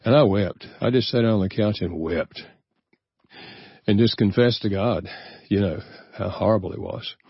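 A man's voice: fairly low pitch, normal speed, slightly rough, no room sound, highs cut off. An older man, a guest author, telling a personal story in an earnest, reflective way during a radio interview. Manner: earnest, reflective, easy chuckles.

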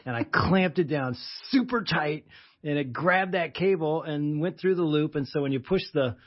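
A man's voice: fairly high pitch, expressive, normal speed. A man in his sixties co-hosting a radio talk show as a pastor, chatting casually with teasing interjections. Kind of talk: casual conversational chat. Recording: dull lo-fi sound.

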